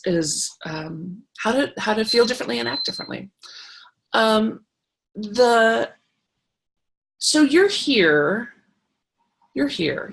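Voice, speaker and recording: A middle-aged woman teaching a creativity workshop, talking in an encouraging, chatty way with fillers and restarts. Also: a little high. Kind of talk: live online workshop talk.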